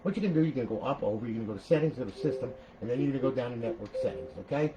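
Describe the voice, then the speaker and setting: A man's voice: mid-range voice, lively intonation, very fast, low-quality recording. An older man casually walking through a modded game console setup, rambling and chatty, tagging lines with "okay?" and "all right" and swearing now and then. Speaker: console modder showing a build. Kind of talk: casual tutorial walkthrough.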